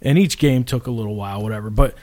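A man's voice: fairly low pitch, quick pace. A young man from Florida telling a rambling story on a podcast, swearing often and acting out other people's lines. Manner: swears a lot, animated, acts out quotes with shouts. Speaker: podcast co-host. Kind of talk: casual storytelling.

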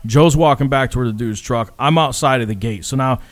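A man's voice: mid-range voice, brisk, no room sound. A man telling a rambling, profane story in casual chat with friends, acting out the people in it. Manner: profane, rambling, animated retelling.

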